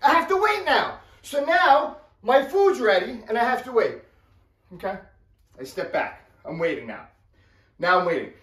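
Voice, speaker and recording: A man telling a comedic story as a rant, animated and exasperated, acting out the other people in the story in quick character voices. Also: very high voice. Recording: roomy sound from a distant mic.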